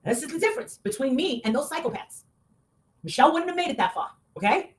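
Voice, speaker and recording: A woman talking in a heated, casual rant, swearing often and breaking into loud outbursts. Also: high-pitched, expressive, quick pace. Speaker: online show guest.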